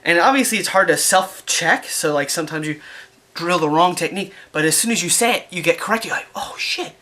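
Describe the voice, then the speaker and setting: A man's voice: a little high, brisk, sharp tone. A man vlogging casually about his study habits, rambling and joking at his own expense. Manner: rambling, self-mocking, jokey. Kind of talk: casual rambling vlog talk.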